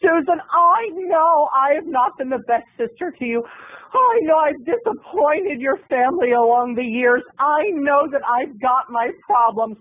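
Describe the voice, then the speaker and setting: A man's voice: very high voice, no room sound, heavily acted. A man voicing a flighty, scheming middle-aged aunt in a syrupy, pleading manner. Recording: tinny lo-fi phone-like sound, dry.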